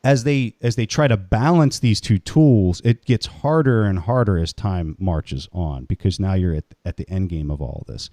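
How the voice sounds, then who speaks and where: A male interview host with a low, mellow voice. He thinks aloud and builds long, careful questions. The sound is dry and close, with no room echo. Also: normal speed, hardly any pauses.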